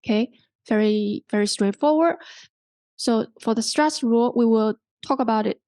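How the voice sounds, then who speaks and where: A woman's voice: a little high, mellow, no room sound. A woman with a Hong Kong accent teaching an online English pronunciation workshop, explaining step by step and often checking in with "okay?". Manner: explains slowly, repeats and rephrases, checks with "okay?". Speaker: workshop instructor.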